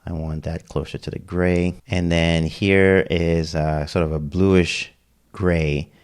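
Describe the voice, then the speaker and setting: A man's voice: sits low, little pitch movement, slow pace, a little mellow, smooth. A man walking through a website builder step by step in a casual screen-recorded tutorial, checking in with "okay?" as he goes. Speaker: web design tutor.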